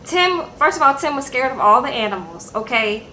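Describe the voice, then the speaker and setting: A young woman recapping reality TV episodes in a sassy, animated vlog chat, acting out people's lines. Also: high-pitched, normal speed, a little hiss or hum, low-quality recording. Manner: sassy, animated, acts out quotes in put-on voices.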